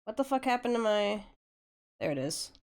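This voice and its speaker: A young woman art streamer chatting casually with viewers while she draws, a little hoarse as she gets over a flu, laid-back and swearing freely. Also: medium pitch, sing-song, normal speed, a little mellow.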